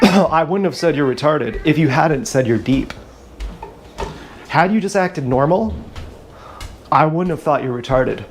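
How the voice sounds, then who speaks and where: A man with a slightly high voice rambles crudely through a livestream, stopping often to clear his throat. He talks into an action camera, with a faint hiss behind him. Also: lively intonation, a little slow, long pauses.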